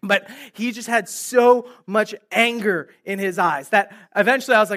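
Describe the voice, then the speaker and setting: A young adult pastor preaches a sermon to a room with a live audience, telling a story and acting out its dialogue. His voice is high and fairly bright, at normal speed with hardly any pauses.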